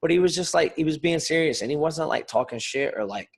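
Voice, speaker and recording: A man co-hosting a casual podcast, talking in an animated, rambling way and swearing freely. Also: fairly high pitch, quick pace, creaky, breathy edge. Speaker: podcast co-host, fighter. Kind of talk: casual chat.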